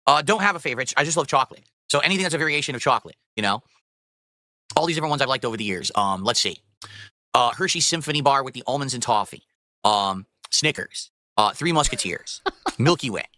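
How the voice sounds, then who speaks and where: A man talks quickly through viewer questions on a stream, reading each one out and then answering flatly. His voice is bright and forward. The sound is dry and close to the mic. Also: medium pitch, no room sound. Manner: matter-of-fact, reads chat questions then answers plainly. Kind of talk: casual livestream chat.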